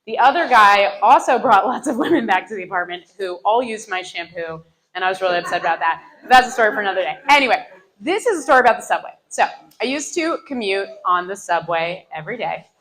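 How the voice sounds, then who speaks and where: A woman telling a self-mocking personal story live on stage into a microphone, animated and often laughing through her lines. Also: mid-range voice, fast, rough recording. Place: live stage before an audience.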